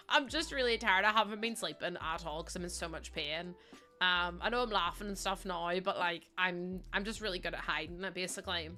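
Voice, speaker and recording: Bright-voiced chatty woman streamer. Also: medium pitch, moderate pace, soft background music. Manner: chatty, reads and answers viewer messages, laughs often. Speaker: livestreamer. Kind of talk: casual chat while streaming a game.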